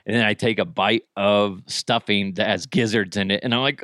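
A man's voice: fairly low pitch, moderate pace, bright, forceful tone, no echo, clean studio sound. A man in his thirties hosting a podcast in a goofy, jokey chat style, laughing often. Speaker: podcast host. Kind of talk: casual chat.

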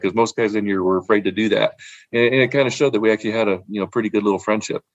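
A man's voice: medium pitch, steady tone, fast, dry recording, muffled recording. A man in casual chat, rambling about wine with repeated words and frequent laughs. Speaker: podcast guest, wine collector.

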